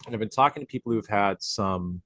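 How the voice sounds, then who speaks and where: A talkative man with a low voice co-hosts a tattoo podcast. He chats loosely, swears freely and laughs often, recorded dry and close with little room sound. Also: a little fast, fairly bright tone, no echo. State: coughing from a drink gone down the wrong pipe. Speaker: podcast co-host and tattoo artist. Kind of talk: casual chat. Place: home studio, outside noise nearby.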